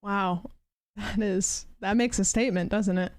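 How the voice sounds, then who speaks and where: Smooth-voiced woman, hesitant interviewer. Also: mid-range voice, steady tone, measured pace, darkish tone. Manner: hesitant, polite, full of "um" and "like". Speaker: improv show interviewer. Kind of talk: improv comedy.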